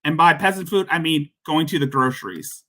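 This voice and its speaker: A man's voice: fairly high pitch, a little fast, sharp tone. A male livestream host giving casual, mocking commentary on a clip. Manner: mocking, ranting.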